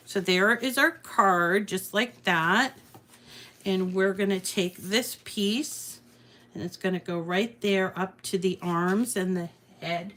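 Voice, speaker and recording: A woman's voice: medium pitch, slow, a bit bright. A middle-aged woman hosting a casual crafting tutorial, chatty and rambling, often laughing at herself as she works. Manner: chatty, rambling, self-deprecating. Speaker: craft channel host.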